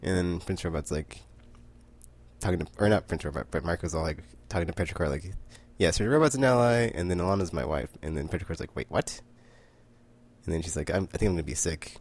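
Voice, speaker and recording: A man's voice: rumbling low, quick pace, darkish tone, slightly rough. A man casually recapping a comic book issue, rambling with many fillers and frequent laughter.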